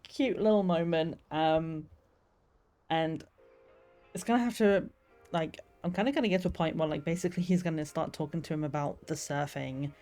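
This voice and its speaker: A woman's voice: low voice, moderate pace, warm tone. A young woman streamer chatting casually and rambling about the novel she is writing, with lots of fillers. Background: faint lofi music.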